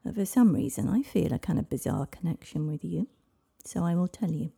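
Woman voicing an ancient lonely dragon, sardonic, gravelly, very husky, dark tone. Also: lowish voice, expressive, brisk, heavily acted. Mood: rueful. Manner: dry, world-weary and sardonic. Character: ancient, lonely, wounded male dragon, proud and wry.

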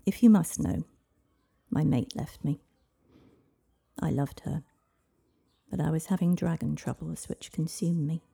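A woman voicing an ancient, lonely male dragon who talks in a dry, world-weary way, in a husky storybook reading. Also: low-pitched, measured pace, pauses often, warm tone, full character voice. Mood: rueful.

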